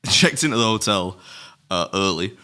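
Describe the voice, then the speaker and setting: A middle-aged man co-hosts a podcast, casually telling rambling anecdotes full of swearing and laughter. He speaks low and expressively at a measured pace, with a sharp tone.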